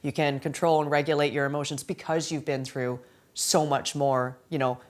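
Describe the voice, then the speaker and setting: A woman's voice: low voice, fairly even intonation, normal speed. A woman in her forties talking candidly in an interview, emotional and laughing often, with many "like"s and "right?"s. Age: 40s. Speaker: amateur Muay Thai fighter.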